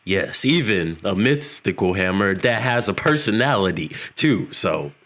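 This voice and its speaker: Podcast co-host, male, low voice with lively swings, laughs and plays out scenes. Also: unhurried. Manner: animated, laughing, acts out characters' lines. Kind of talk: casual show recap chat.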